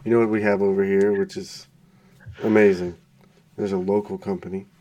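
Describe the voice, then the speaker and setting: A man's voice: deep voice, little pitch movement, a little fast, warm tone. A man in his twenties chatting casually as a podcast co-host, blunt and teasing, with some swearing. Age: 20s. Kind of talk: casual chat.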